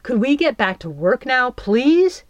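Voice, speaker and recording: A woman's voice: high voice, big pitch swings, normal speed, dry recording, pitched above the performer's own voice. A woman voicing a prim, composed young fairy woman who speaks with polite control.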